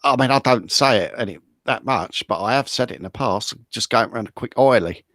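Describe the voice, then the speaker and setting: A man's voice: mid-range voice, lively intonation, a little fast, a bit bright, no echo, clean studio sound. A man, co-hosting a casual chat and explaining slang. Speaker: co-host.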